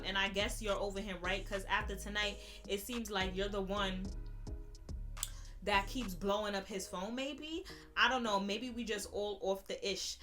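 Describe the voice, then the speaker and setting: A woman, telling a sassy, animated storytime vlog. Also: medium pitch. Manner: sassy, animated, quick-witted. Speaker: YouTuber. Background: background music.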